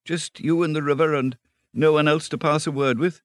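A man's voice: fairly high pitch, fairly even intonation, moderate pace, no room sound, studio quality, voice pushed up, lightly acted. A man reading a storybook, voicing a shy, wondering young male mole who stammers and hesitates. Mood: hesitant. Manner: hesitant, stammering, wide-eyed.

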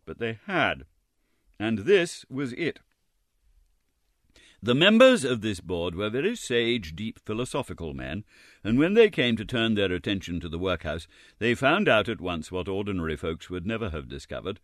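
A man reading a classic novel aloud as an audiobook narrator, expressive and wry. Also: lowish voice, moderate pace, dry recording, studio quality.

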